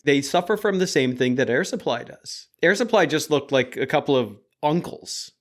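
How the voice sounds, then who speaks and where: A man's voice: on the high side, animated, moderate pace. A man co-hosting a podcast, chatting casually, laughing easily and telling stories. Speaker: podcast co-host. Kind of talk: casual chat.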